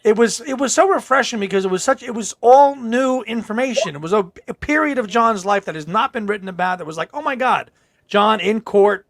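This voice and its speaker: A man's voice: sits high, brisk, few pauses, fairly bright tone, dry recording, clean studio sound. A man co-hosting a podcast, chatting eagerly and quoting interviews. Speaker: podcast co-host. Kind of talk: casual podcast conversation.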